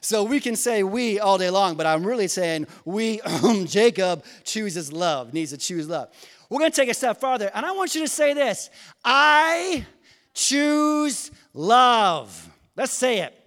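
High-voiced man preaching, hushed to shouting. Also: lively intonation, unhurried. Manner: preaching with call-and-response, swinging from hushed to shouting. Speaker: pastor. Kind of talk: sermon. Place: church hall.

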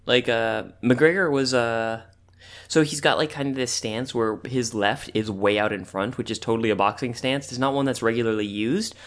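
Male podcast co-host, chatty storyteller, fillers galore, mid-pitched voice. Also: moderate pace. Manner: rambling, animated storytelling with frequent fillers and laughs. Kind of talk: casual chat.

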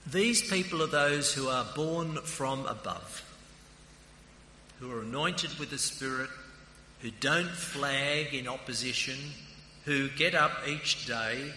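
An Australian man delivers a sermon in a chatty, story-telling style, his voice bright and tense at the edges. His words ring through a roomy hall with a long reverb, and a faint hiss sits underneath. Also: medium pitch, takes it slowly. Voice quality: introverted by nature. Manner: conversational, anecdotal preaching. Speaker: preacher and theological college principal.

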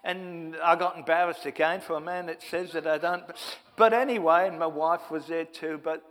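A fairly high-voiced man spins a chatty, self-deprecating story with plenty of asides. His voice carries the long reverb of a church hall, and he speaks as a guest evangelist. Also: steady tone, moderate pace, fairly bright tone. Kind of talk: storytelling testimony.

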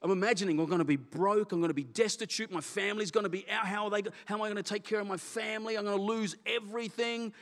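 A middle-aged man, a pastor, telling a candid personal story in a sermon with an animated, self-deprecating manner. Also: high voice, fast, few pauses. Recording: long hall reverb.

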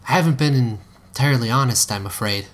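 A man's voice: mid-range voice, quick pace, natural voice. A man reading aloud and voicing an awkward, hesitant teenage schoolboy who stammers over his words. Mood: confessional.

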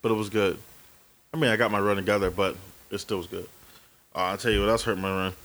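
This early-forties podcast co-host speaks fast in a lowish voice. In a casual chat he tells animated stories, swearing liberally and voicing the characters' lines himself.

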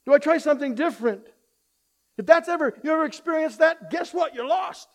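A man preaching a sermon, swinging between loud urgent appeals and soft hushed asides, acting out quoted voices and having the congregation repeat lines after him. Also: very high-pitched, expressive, fairly quick. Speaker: pastor.

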